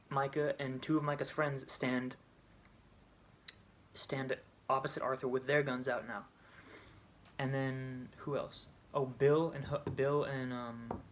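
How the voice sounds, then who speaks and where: A man's voice: mid-range voice, a bit bright, a little hiss or hum. A man casually retelling a video game story, rambling, restarting and correcting himself as he goes. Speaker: video creator.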